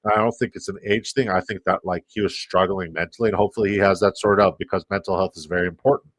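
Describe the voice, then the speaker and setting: A Canadian man with a lowish voice chats loosely on a live stream, rambling and dropping casual profanity as he reads messages aloud. He sits close to his mic in a dead, dry room. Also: fairly even intonation, fast, a bit bright, dry recording. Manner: rambling, profane, reacting to chat. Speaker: fantasy football streamer.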